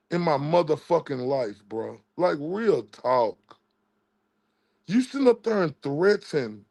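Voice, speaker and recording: A man delivers a heated, profanity-laced livestream rant. His voice sits a bit high with a gravelly edge. He taunts and mocks the people he is talking to, never letting up. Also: a little mellow. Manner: confrontational, profane, mocking. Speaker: livestream commentator.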